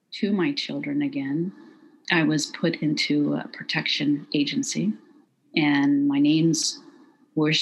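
A middle-aged woman recounting a personal story in an interview, quiet, measured and halting. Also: deep voice, gravelly, slight background noise, low-quality recording. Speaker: guest.

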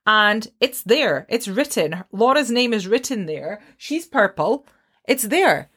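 A woman's voice: medium pitch, slow pace, breathy edge. A woman with a Scottish accent, co-hosting a podcast in casual, self-mocking chat. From Scotland. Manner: chatty, self-mocking, animated. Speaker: podcast co-host.

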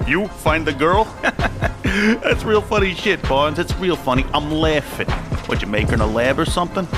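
A man's voice: fairly high pitch, animated, moderate pace, over music, lightly acted. A man playing a sneering mob-boss principal. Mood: sarcastic menace. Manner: sarcastic, threatening. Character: menacing mobster-like male school principal.

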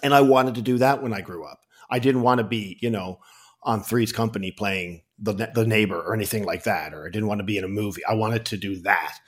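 A man with a Newfoundland accent, a comedian and actor, telling stories in an interview in an animated, self-correcting way. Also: lowish voice, brisk. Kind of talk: interview storytelling.

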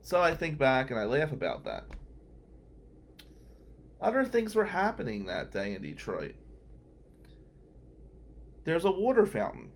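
A man's voice: fairly high pitch, huge pitch swings, a little slow, gravelly, pauses often. A man hosting a podcast, a lawyer telling wry, incredulous stories from his working day. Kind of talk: storytelling monologue.

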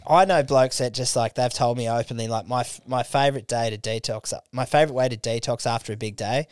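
A man's voice: mid-range voice, a little fast, a little mellow, smooth, no echo, clean studio sound. Crude, laughing Australian storyteller man. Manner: crude, laughing anecdote-teller, heavy swearing. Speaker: podcast host. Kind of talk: casual chat.

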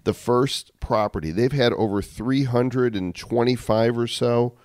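A man's voice: mid-range voice, a little slow, a little mellow, no room sound. A man co-hosting a podcast, chatting casually with dry quips and reading sponsor spots. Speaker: podcast co-host. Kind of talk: casual chat and sponsor read.

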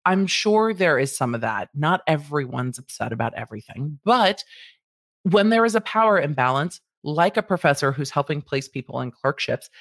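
A woman's voice: sits low, lively intonation, normal speed, no room sound, clean studio sound. A woman hosting a casual commentary show, talking animatedly and putting on exaggerated quoted voices. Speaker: commentary host.

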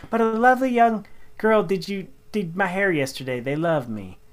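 Genteel 74-year-old mother, put-on British accent, soft lilting delivery, read out by a woman co-host. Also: mid-range voice, normal speed, close to an everyday voice. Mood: breezy.

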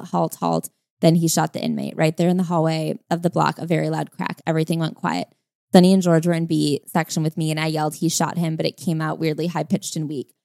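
A woman's voice: low-pitched, creaky, warm tone, dry recording, studio quality. A woman co-hosting a casual podcast chat about a book, talking chattily with lots of fillers and acting out quoted voices. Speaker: podcast co-host.

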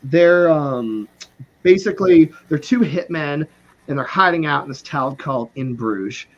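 A man's voice: on the high side, animated, unhurried, highs cut off. A man who is a podcast guest, talking in a loose, rambling way, swearing freely and often trailing off and starting over. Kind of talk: casual chat.

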